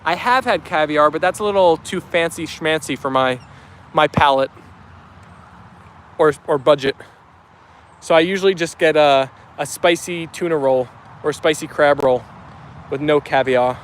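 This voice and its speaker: A man's voice: fairly high pitch, unhurried, long pauses, a little hiss or hum. Upbeat young man with New York Italian accent. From New Jersey. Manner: chatty, upbeat, many fillers. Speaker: vlogger reading live chat. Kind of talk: casual chat reading comments aloud.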